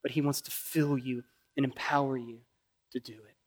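A middle-aged man with a Kentucky accent preaching a sermon, rising loud when pleading and dropping soft and low in prayer. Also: steady tone, moderate pace. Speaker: pastor.

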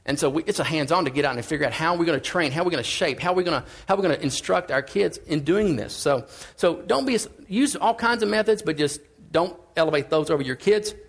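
A man preaching a sermon in a casual, conversational way, swinging between emphatic and quiet lines. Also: on the high side, fast, hardly any pauses, breathy edge.

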